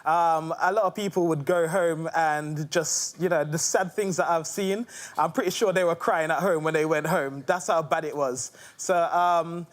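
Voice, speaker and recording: A man doing an improvised stand-up story, rambling and relaxed. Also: fairly high pitch, normal speed, few pauses. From United Kingdom. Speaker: stand-up comedian.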